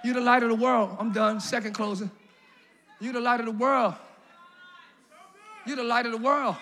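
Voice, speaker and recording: A male pastor preaching a lively, playful sermon in a large church, often shouting to the congregation. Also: very high-pitched, moderate pace, some chatter behind, slight background noise.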